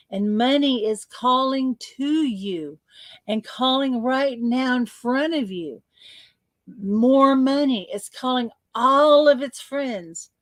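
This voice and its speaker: Slow playful woman leading a visualization. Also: fairly high pitch, dry recording. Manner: slow, playful, repeats words for emphasis. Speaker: spiritual coach leading a guided exercise. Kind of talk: guided visualization.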